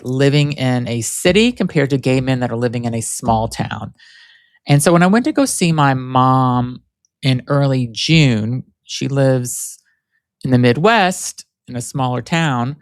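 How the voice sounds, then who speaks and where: A man's voice: mid-range voice, dry recording, studio quality. Chatty rambling gay male podcast host. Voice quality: voice not very masculine, by his own account. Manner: chatty, rambling, with many fillers and restarts. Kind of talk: casual solo podcast chat.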